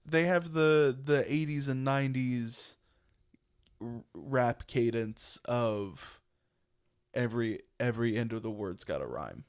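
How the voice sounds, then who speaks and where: A man's voice: mid-range voice, expressive, slow pace, clean tone. A young man co-hosting a casual podcast, talking in a rambling, chatty way and laughing often. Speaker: podcast co-host.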